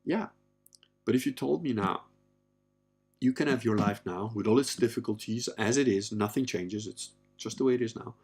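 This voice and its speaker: Man, 50s, husky and a touch low; candid, rambling podcast monologue with blunt language. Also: normal speed, a little mellow. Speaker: podcast host. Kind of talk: casual personal monologue.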